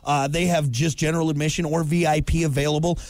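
A man's voice: fairly high pitch, little pitch movement, darkish tone, dry recording. Joking male morning radio host. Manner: joking, plugs events in a quick announcer patter. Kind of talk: casual radio banter.

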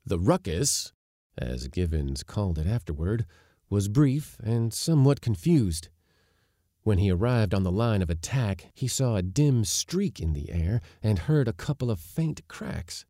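A man reading a story aloud in an expressive, wry narrating manner. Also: lowish voice, measured pace, no echo, studio quality. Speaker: audiobook narrator.

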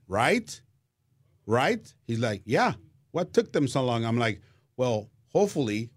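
As a guest on a relaxed radio interview, this Mexican man, who broadcasts baseball in Spanish, spins stories, repeats himself and laughs readily. His voice is lowish, captured in a dry, studio-quality recording.

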